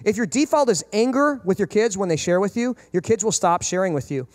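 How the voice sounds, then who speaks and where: A man in his thirties, a pastor preaching a sermon, animated and acting out quoted parents and kids. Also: high-pitched, brisk, in a large hall.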